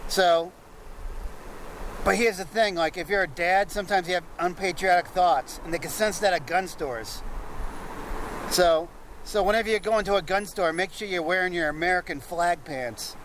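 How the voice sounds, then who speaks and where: Deadpan man doing street stand-up. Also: high-pitched, moderate pace, rough recording. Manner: deadpan, muttering asides between jokes. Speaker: street comedian. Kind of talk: stand-up one-liners. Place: outdoors on a city street. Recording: street recording with loud traffic noise. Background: traffic noise, passing vehicles.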